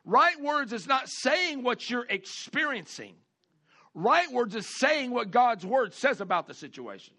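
High bright-voiced preacher man. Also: very animated. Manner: folksy preaching with call-outs, repeats and drawn-out emphasis. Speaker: pastor. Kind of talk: sermon.

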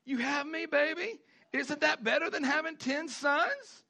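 A gentle, doting husband, put on by a preaching man, coaxes his tearful wife. The voice sits noticeably higher than his usual one, tender and pleading, with a gravelly edge. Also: unhurried, heavily acted. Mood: coaxing. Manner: coaxing, tender, higher pitched.

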